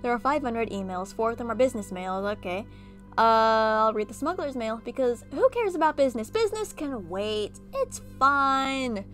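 A woman reading an interactive horror story game aloud and breaking off for animated, chatty reactions. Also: on the high side, moderate pace, soft background music. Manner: animated, chatty asides between narration. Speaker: gaming video creator.

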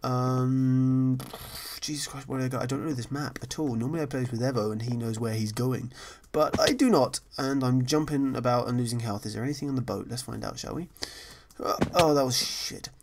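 A man's voice: mid-range voice, fairly quick, a little mellow, slight background noise. A man giving casual, rambling commentary over his own gameplay, chatty, apologetic and self-deprecating. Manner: frequently apologetic. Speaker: gaming channel host.

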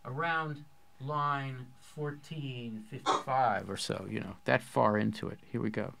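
A man's voice: medium pitch, steady tone, unhurried, vocal fry, noisy background. A man hosting a poetry course discussion, explaining ideas with eager enthusiasm in a casual academic way.

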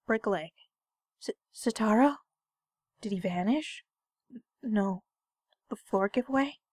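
A woman's voice: mid-range voice, animated, slow, a little mellow, dry recording. A woman giving casual gaming commentary, bantering playfully and sarcastically with the character on screen. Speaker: let's play gamer.

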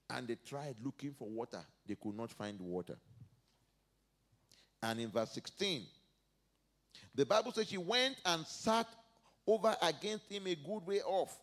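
Man preaching with dramatic swings. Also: on the high side. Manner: dramatic swings between soft asides and loud emphatic peaks; preaches verse by verse, acting out biblical speakers. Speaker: pastor. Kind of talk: sermon.

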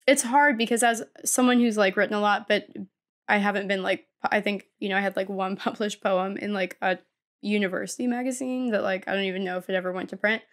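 Rambling woman podcast writer. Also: on the high side. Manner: rambling, many fillers and restarts. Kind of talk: casual chat.

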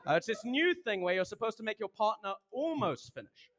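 A young man from England with an English accent doing a deadpan stand-up comedy set and acting out both sides of dialogues. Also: sits high, fairly quick. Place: comedy club stage. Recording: loud noise and clicks.

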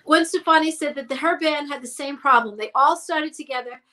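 A guest singer with a high, bright voice tells stories in a casual, relaxed interview, fairly quick and animated. She takes on the voices of the people she quotes, her tone sharp and forward throughout.

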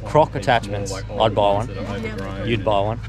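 A man's voice: on the low side, unhurried, a crowd in the background. A man bantering casually with a friend out on a four-wheel-drive track, dry and laid-back. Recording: outdoor recording with loud background noise.

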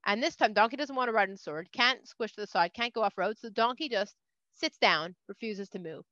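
A woman's voice: mid-range voice, expressive, fairly quick, sharp tone, dry recording. A woman casually retelling a scripture story for kids, chatty and full of "like", in a dull, dry recording. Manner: chatty, uses "like" a lot.

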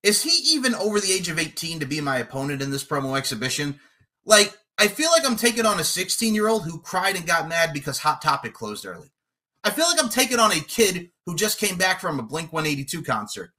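A man cutting a boastful, profane wrestling trash-talk promo, taunting his opponent and breaking into shouted lines. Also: on the high side, sing-song, fast. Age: adult, podcasting eight years. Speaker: podcast promo contestant.

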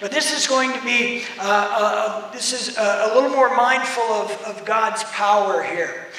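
A man's voice: sits high, unhurried. A man with an American accent preaching a sermon as pastor, reading scripture aloud and acting out the voices in it with animation. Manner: animated, acts out voices in the text. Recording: echoey hall, mic from far off.

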